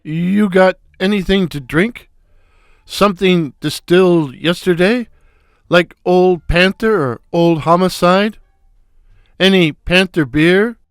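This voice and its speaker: A man voicing a brash, crude, wisecracking male slapstick comic with a loud foghorn voice in a read-aloud story. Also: sits high, slow, clear, resonant tone, no room sound, studio quality. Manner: wisecracking, boisterous. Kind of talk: storybook character voice.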